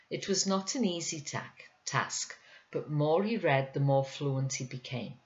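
A woman reading a children's novel aloud in a measured, gentle way. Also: sits low, lo-fi sound. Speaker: audiobook reader. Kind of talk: scripted narration.

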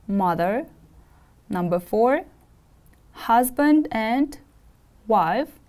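Teacher lady from kyrgyzstan drilling words with kids, warm low-key tone, clear and patient. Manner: slow, clear drilling with "repeat after me". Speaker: English teacher. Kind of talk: video lesson for schoolchildren.

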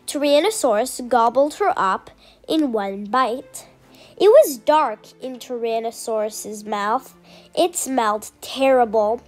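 A high-voiced woman reads a children's book aloud. She reads slowly and expressively, pausing between phrases. Soft music plays faintly underneath. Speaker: storyteller.

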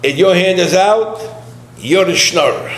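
A man's voice: high voice, a little slow. A man voicing a sarcastic man on a porch who mocks a fundraiser with dry wisecracks, in a roomy space with a faint hum. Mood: mocking.

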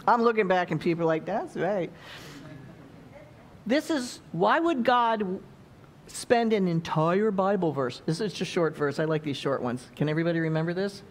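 Lively, slow-talking woman preacher. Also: medium pitch, slight background noise. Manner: playful, chatty preaching with acted-out quotes. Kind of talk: sermon. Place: church.

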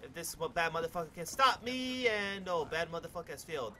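A young man commentating his own gameplay, cocky and hyped, swearing and yelling out suddenly. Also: fairly high pitch, animated, a little fast, a little hiss or hum. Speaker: gaming YouTuber.

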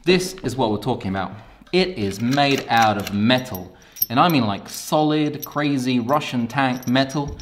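A man talking casually and excitedly about camera gear in a video review, out of breath and rambling a little as he hypes it up. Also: medium pitch, unhurried, slight background noise.

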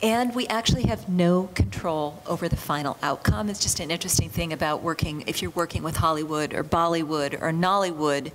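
A woman facilitating a conference workshop, giving measured, encouraging feedback and calling on the next group. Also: deep voice, long reverb tail.

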